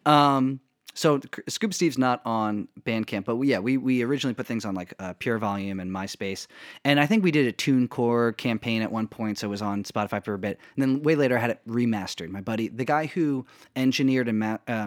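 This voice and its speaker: Animated man telling stories on a dry mic. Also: mid-range voice, no room sound. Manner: animated storyteller, quick laughs, acts out quotes. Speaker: podcast host. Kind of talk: casual chat.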